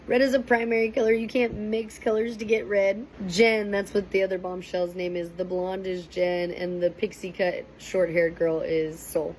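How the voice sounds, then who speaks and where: A young woman casually recapping and reacting to a TV episode, chatty and animated, with a faint hiss behind her. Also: medium pitch, normal speed, rough recording. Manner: chatty, animated, quotes people in raised voices. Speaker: reaction commentator.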